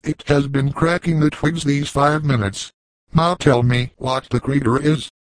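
A man reading the lines of an old veteran woodsman trapper, calm and shrewd, in measured, old-fashioned speech. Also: fairly high pitch, no room sound, natural voice, poor audio. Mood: cool.

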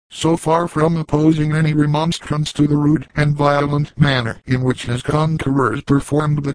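A man reading a story aloud as narrator, in a measured, formal manner. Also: mid-range voice, no room sound, rough recording. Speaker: audiobook narrator.

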